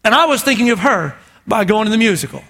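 A man preaching a sermon to a congregation, animated and joking, calling out for amens. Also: high-pitched, fast talker, creaky. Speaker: pastor. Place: church auditorium with congregation.

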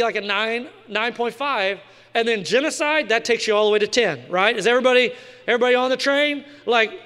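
Male pastor, casual joking sermon delivery, very high voice, long hall reverb. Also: bright, forceful tone. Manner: casual, joking preaching with slang asides.

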